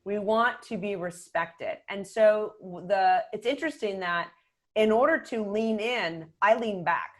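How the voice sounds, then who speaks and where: A middle-aged woman speaking as a podcast guest, a communication coach who talks in a calm, measured way and often drops to a quiet voice. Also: medium pitch. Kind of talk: conversational podcast interview.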